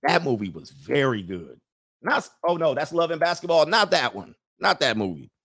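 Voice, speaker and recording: A man's voice: fairly high pitch, very animated, moderate pace, fairly bright tone. A man hosting a livestream in casual chat, reading viewer comments aloud, rambling and chuckling as he loses his train of thought.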